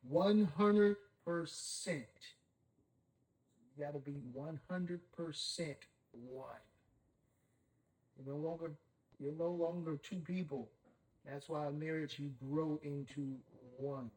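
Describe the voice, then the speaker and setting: A man's voice: fairly high pitch, fairly even intonation, measured pace, darkish tone, low-quality recording. A man leading a Bible study, who keeps saying "okay?" and puts questions to his group. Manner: checks in with "okay?" constantly, asks the group questions.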